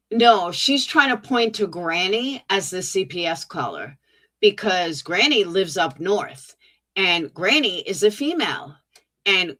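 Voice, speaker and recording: A woman's voice: medium pitch, a bit bright. A woman streamer giving sarcastic, mocking commentary on clips.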